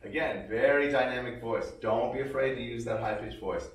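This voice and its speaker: A man teaching his dog commands, explaining calmly between short cues and breaking into high, excited praise. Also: normal speed, far from the mic. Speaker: dog trainer. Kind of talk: casual training demonstration. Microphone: robotic tracking camera. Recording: echoey room, voice from away from the mic.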